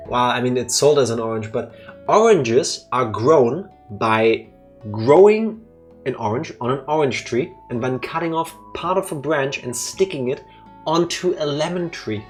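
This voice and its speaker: A man co-hosting a game let's play, bantering in a teasing, joking way. His pitch sits in an ordinary middle range, and faint music runs underneath. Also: animated. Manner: playful, teasing, quick with wordplay. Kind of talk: casual joking commentary.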